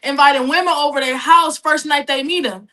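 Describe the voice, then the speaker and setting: A woman co-hosting a casual chat, playful and animated, often laughing. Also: sits high, brisk.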